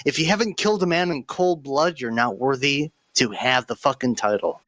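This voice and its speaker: Brash profane man, sharp dry voice. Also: mid-range voice, normal speed, dry recording. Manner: brash, profane, mock-menacing. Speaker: debate candidate. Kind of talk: mock political debate on voice chat.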